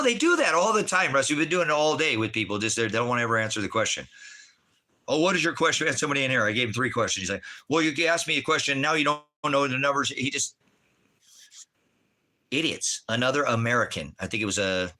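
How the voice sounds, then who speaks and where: Bright forceful voiced guy ranting on his livestream, cussing out the chat nonstop. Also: lowish voice. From Oregon, US. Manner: angry, swearing, scolding chat viewers. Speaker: livestream host reading chat. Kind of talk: profane ranting livestream talk.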